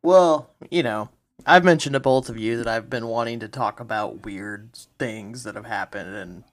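Guy on a podcast easing into a story, mid-pitch, lots of you knows. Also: moderate pace. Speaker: podcast co-host. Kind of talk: casual chat.

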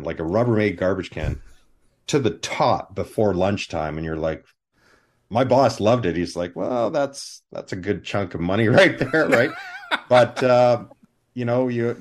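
A man, a film armorer, telling animated anecdotes with voiced quotes in a live interview over a video call. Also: deep voice.

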